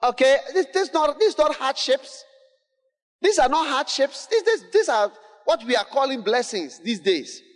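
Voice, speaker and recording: Man, high-pitched, preaching with fervour, repeats and shouts, echoing hall. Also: very animated, a little slow. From Ghana. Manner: emphatic, repetitive, building to shouts, call-and-response. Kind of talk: sermon. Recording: long hall reverb.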